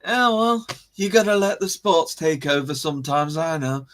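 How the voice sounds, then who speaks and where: A man's voice: a little high, expressive, normal speed, a bit bright. A man hosting a casual live stream, rambling about history, correcting himself and chuckling as he greets viewers.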